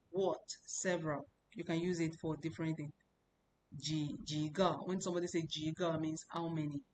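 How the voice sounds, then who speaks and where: A young woman teaching a lesson in a slightly low voice, patiently going over each word more than once and checking that her students follow. A faint rumble sits under the recording. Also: a little mellow, low-quality recording. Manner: explains patiently, repeats words and checks understanding. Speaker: language teacher. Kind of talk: explaining a lesson.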